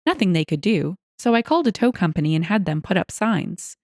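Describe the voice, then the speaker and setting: A woman narrates stories in a scripted, expressive read. Her pitch swings in a lively, animated way, and she adds wry asides between the lines. The recording is dry and close, with no room sound. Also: fairly quick, dry recording. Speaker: storyteller reading online stories.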